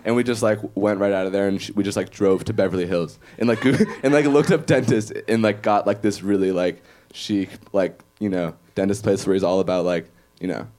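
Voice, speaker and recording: A man chatting as a guest, laid-back and halting, with a slight lisp when he talks fast. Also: lowish voice, fairly even intonation, a little mellow. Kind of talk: casual chat.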